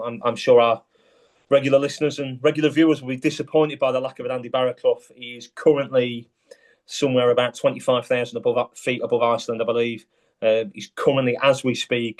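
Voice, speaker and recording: Chatty podcast host. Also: male voice, medium pitch. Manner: chatty, jokey, lots of ums. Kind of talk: casual podcast chat.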